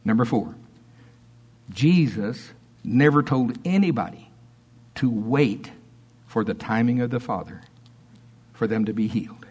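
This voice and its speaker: A man preaching a sermon in church, emphatic and folksy, swinging between loud outbursts and quiet asides. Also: mid-range voice, unhurried, long pauses, slightly rough.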